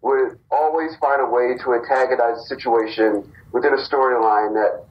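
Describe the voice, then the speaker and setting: Animated man telling a story, lo-fi sound. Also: mid-range voice, moderate pace. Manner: animated storyteller acting out quotes. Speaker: wrestling company co-founder. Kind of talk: casual podcast storytelling.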